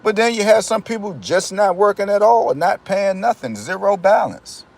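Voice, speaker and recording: A man's voice: high voice, lively intonation, normal speed, vocal fry. Rambling D.C. man chatting to viewers. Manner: rambling, talks straight to viewers with slang. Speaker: lottery tips vlogger. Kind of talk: casual chat to viewers.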